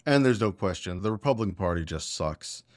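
A man's voice: sits low, expressive, fairly quick, darkish tone, no room sound, studio quality. A man hosting a podcast, giving casual, blunt and opinionated political commentary. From Canada. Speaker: podcast host.

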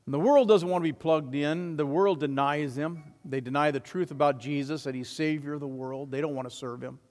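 A man preaching a sermon as pastor, swelling to loud emphatic declarations and then dropping quiet. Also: fairly high pitch, steady tone, fairly quick, in a large hall.

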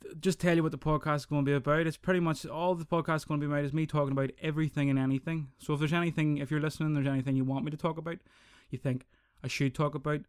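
A man's voice: fairly high pitch, rapid-fire, few pauses, smooth, no room sound, studio quality. A young man hosting his own podcast, ranting casually and swearing a lot. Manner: sweary, rambling, animated. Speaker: podcast host. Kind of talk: casual solo podcast rant.

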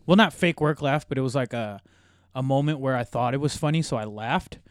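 A man's voice: mid-range voice, brisk, clean tone, dry recording, studio quality. A young man co-hosting a podcast in casual chat, telling stories animatedly, swearing and laughing a lot. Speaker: podcast co-host.

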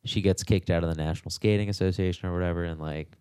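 Deep-voiced laid-back young man. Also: steady tone, quick pace, dark tone, clear, resonant tone, no echo. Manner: laid-back, says "dude" and "like" a lot. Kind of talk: casual podcast chat.

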